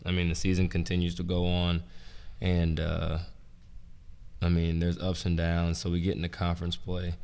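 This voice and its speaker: A young man, a former college basketball player and coach, telling stories in a relaxed, rambling way, full of "like" and "um". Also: deep voice, normal speed, creaky, clear, resonant tone. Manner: relaxed, rambling, heavy use of "like" and "um". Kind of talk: casual storytelling interview. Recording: roomy with long reverb.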